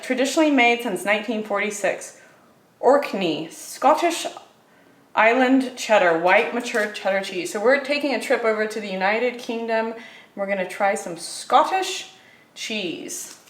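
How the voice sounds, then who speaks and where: Young woman, vlogger, casual chatty haul talk, mid pitch, roomy kitchen sound. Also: fairly bright tone. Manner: chatty, upbeat, quick with fillers. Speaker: vlogger reviewing grocery finds.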